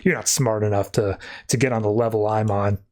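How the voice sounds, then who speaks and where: A man voicing a menacing rogue space hero, speaking low and threatening. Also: steady tone, a little fast, a little mellow, close to an everyday voice.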